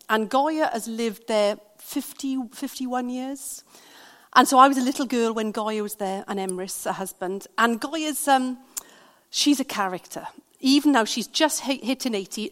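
A woman with a Welsh accent preaching a sermon, telling stories in an animated, conversational way. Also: a little high. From Wales. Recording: long hall reverb.

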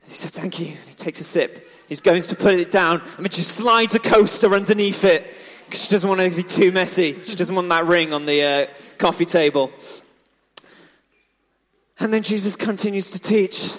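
Playful storyteller for a church children's talk; high voice, big hall reverb. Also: male voice, moderate pace, fairly bright tone. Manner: chatty, playful, asks the audience questions. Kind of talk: lively storytelling to a congregation. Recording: echoey hall.

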